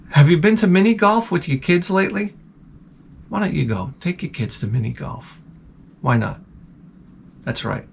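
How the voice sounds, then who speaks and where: On his own channel, a man with a slightly high, expressive, gravelly voice delivers rambling, profane comic stories in a casual rant, interrupting himself along the way. His pace is measured and he pauses often, with a little hiss or hum in the background.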